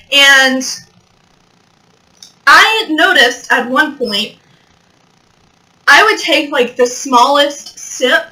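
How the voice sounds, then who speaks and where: Bright-voiced young woman, rambling vlog. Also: high-pitched, low-quality recording. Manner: rambling, joking, swears, laughs often. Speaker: vlogger. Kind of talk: casual storytelling vlog. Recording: built-in mic, mic not plugged in.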